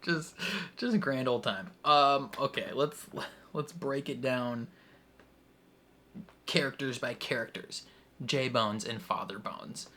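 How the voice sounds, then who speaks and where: Young dude reacting to a show, mid pitch, rambles a lot, laughs, says like constantly, faint background hum. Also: male voice, slow, pauses often, bright, forceful tone. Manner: rambling, laughs often, heavy use of "like". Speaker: reaction video host. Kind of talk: casual TV reaction commentary.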